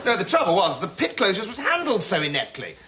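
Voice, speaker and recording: A man's voice: high voice, wildly swooping pitch, fast, sharp tone, exaggerated voice. An actor playing a scheming, callous male politician who talks in a sneering, condescending way, in a 1980s studio sitcom. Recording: studio audience laughter and noise.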